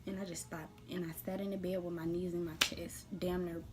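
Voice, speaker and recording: A woman shares a personal story with her viewers in a casual vlog, blunt and animated, swinging between loud bursts and hushed asides. Her voice is on the low side and fairly quick, with background noise in the recording.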